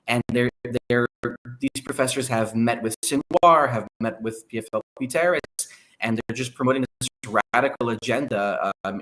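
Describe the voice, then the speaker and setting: A man speaking as a guest analyst on a podcast, explaining at length in a measured way. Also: medium pitch, fairly bright tone, poor audio. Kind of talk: conversational podcast interview.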